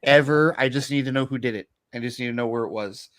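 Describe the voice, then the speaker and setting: A man co-hosting a casual film chat, animated, stammering as he restarts. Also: medium pitch, fast, dry recording.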